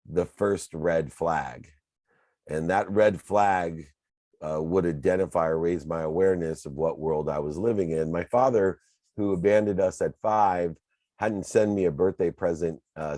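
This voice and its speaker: A man's voice: sits low, darkish tone, no echo. A man in his fifties giving a motivational talk, telling his own story in an earnest, confessional way. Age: 50s. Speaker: motivational speaker.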